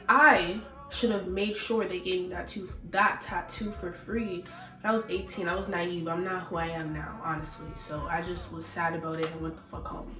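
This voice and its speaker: A young woman telling stories in a casual vlog, animated and profane, acting out both sides of arguments and sounding a little sick. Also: lowish voice, recorded from a distance. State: sick, a bit out of breath. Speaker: vlogger. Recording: roomy echo, slightly off-mic, faint music.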